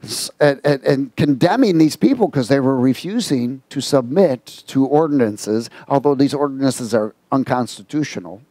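A man preaching a sermon, telling stories with lively quoted voices and reading scripture aloud. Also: mid-range voice, moderate pace, few pauses, dry recording. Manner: animated storytelling with quoted voices. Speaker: pastor.

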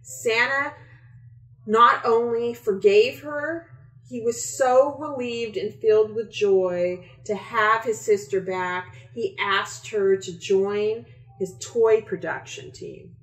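Slow-reading woman in echoey room. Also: mid-range voice. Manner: slow, expressive storytelling. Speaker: children's book author. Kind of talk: reading a picture book aloud.

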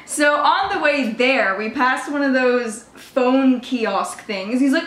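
Young woman vlogging a story, kinda high voice, swears a lot, laughs, echoey room. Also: slow pace. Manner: swears freely, laughs often, mocks by quoting others. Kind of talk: casual storytime vlog. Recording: echoey room with faint noise.

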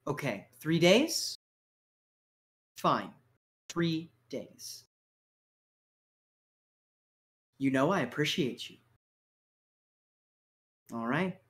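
A man voicing a menacing male crime boss who talks with sneering sarcasm and quiet threats. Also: on the high side, lively intonation, extremely slow, pauses often, heavily acted. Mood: curt.

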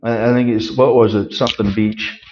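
A middle-aged man preaching a conversational sermon, folksy with joking asides, swinging from loud emphasis to quiet remarks. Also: medium pitch, steady tone, fairly quick, highs cut off, slight background noise. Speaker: pastor.

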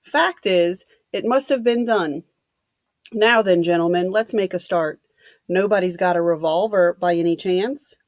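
A woman reading the lines of a blunt, gruff man, an ex-policeman, in a dry room. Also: on the low side, a little slow, no echo, close to an everyday voice.

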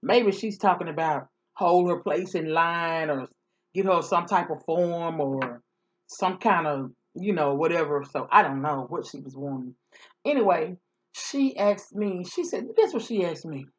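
A woman's voice: on the low side, lively intonation, unhurried, lo-fi sound. A woman vlogger chatting casually through a story, sassy and repetitive.

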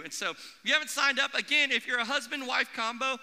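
A young man preaching a sermon as pastor in a church, animated, acting out the voices he quotes. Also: extremely high pitch, quick pace, hardly any pauses, smooth. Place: church auditorium. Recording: long hall reverb.

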